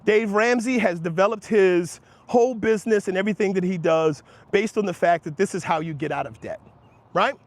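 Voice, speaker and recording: A man hosting a livestream, talking heatedly and emphatically to his chat, calling chatters by name and laughing off their replies while he argues about money. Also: brisk. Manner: emphatic, argumentative, rising in pitch when making points. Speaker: livestream host answering chat. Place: outdoors near passersby.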